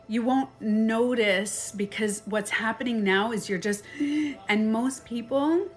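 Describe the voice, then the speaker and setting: A woman talking casually on a live stream as a coach, chatty and animated. She acts out quoted phrases and laughs often. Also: mid-range voice. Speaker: life and beauty coach. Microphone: phone.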